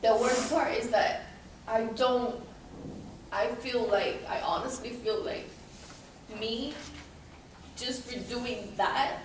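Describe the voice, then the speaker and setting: A woman's voice: fairly high pitch, steady tone, slow pace, pauses often, slight background noise. Blunt young woman in an echoey classroom. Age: 20s. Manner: blunt, swears, hesitant. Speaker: student in the class. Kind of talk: candid classroom sharing. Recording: echoey classroom, distant mic.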